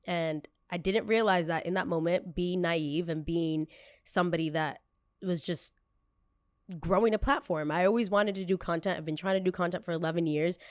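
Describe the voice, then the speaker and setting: A young woman hosting a podcast, telling a personal story in a chatty, animated way and often acting out the people in it. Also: on the low side, moderate pace, no echo, studio quality. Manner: chatty, animated, jumps into quoted voices. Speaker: podcast host. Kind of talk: casual storytelling monologue.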